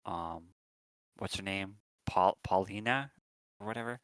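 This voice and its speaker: A man's voice: sits low, measured pace, a bit bright, smooth, dry recording, poor audio. A man co-hosting a podcast, chatting casually and rambling with lots of ums and restarts. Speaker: podcast co-host. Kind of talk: casual chat.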